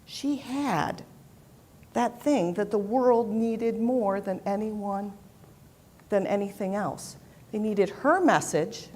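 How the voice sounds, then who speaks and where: A woman leading a worship service, telling a children's story gently, with soft repeated refrains. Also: medium pitch, slight background noise. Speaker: worship leader. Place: church sanctuary.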